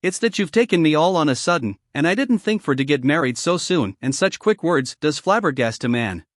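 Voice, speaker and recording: Brief: bashful tall young laborer, blunt and halting, read by a male narrator. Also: on the high side, animated, dry recording, clean studio sound, natural voice. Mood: flustered. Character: shy, tall young working man, slow and blunt.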